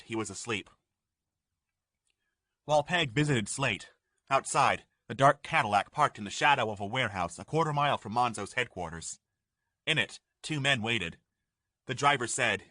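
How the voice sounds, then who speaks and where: Bright-voiced man narrating an audiobook. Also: medium pitch, no room sound, studio quality. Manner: measured storytelling. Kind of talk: scripted narration.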